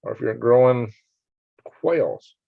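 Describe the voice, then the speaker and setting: A man's voice: mid-range voice, expressive, takes it slowly, gravelly, no echo. A man hosting a casual live stream, reading viewer comments aloud and rambling with chuckles. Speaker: livestream host. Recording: dull lo-fi dry sound.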